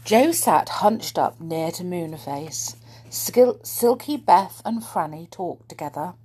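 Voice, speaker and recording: A woman reading a children's book aloud to young listeners, animated and dropping to whispers. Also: lowish voice, slow, husky.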